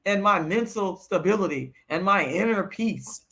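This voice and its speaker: A woman's voice: medium pitch, animated, normal speed, gravelly, a bit bright. A woman on a livestream answering her chat, moving between lecturing and blunt, profane venting as she gets worked up. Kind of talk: heated livestream rant.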